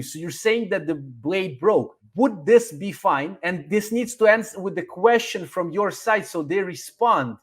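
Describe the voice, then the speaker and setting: Animated high-voiced man giving advice. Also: a little slow, hardly any pauses, breathy edge. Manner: animated, acts out sample customer emails. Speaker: guest. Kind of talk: casual advice chat.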